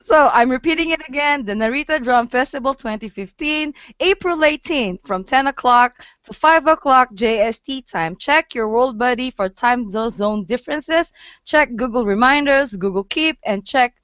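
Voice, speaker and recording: Host: giggly woman with a high voice, dry dull lo-fi call audio. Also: normal speed, fairly bright tone, smooth, no echo. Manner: giggly, easily distracted. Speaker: host of an online photowalk show. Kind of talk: casual chat announcing an event.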